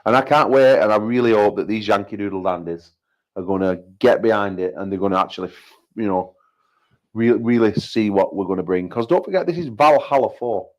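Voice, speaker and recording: A British man, an arm wrestling promoter, hosting a casual livestream chat full of banter and quick joking asides, often repeating himself. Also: fairly low pitch. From United Kingdom.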